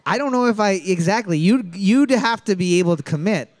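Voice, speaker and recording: A man with a high, expressive voice hosts a trivia podcast at a brisk pace. He reads each question twice and jokes and laughs easily with his co-host. There is no room sound.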